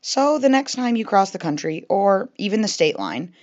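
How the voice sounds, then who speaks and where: A woman's voice: mid-range voice, very animated, normal speed, darkish tone, no room sound. A young woman with a Midwestern American accent, reading a scripted narration in a wry, conversational way. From Midwestern United States. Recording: slightly dull, dry voice-over.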